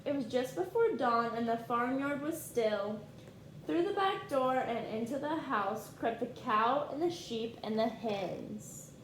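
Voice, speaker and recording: A woman teacher reading a picture book aloud to her class in a slow, clear storytime delivery. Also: fairly high pitch, lively intonation, reverberant, slight background noise.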